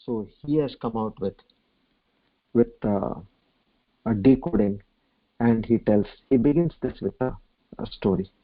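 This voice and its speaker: A man with an Indian English accent giving a scripture discourse, telling a story unhurriedly with frequent pauses. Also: fairly low pitch. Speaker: spiritual discourse speaker. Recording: tinny phone-like line, dry.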